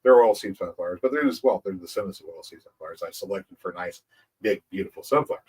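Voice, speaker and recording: A man's voice: sits low, fast, darkish tone, husky, far from the mic, poor audio. A man hosting a farming channel, explaining his methods in a rambling casual way, repeating words and chuckling. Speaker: agroforestry channel host.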